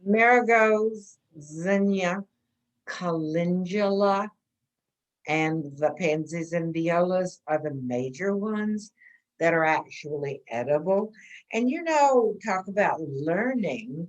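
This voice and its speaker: A woman's voice: fairly low pitch, expressive, slow, muffled recording. A woman teaching an informal gardening class, chatty and answering questions, often checking in with "okay?".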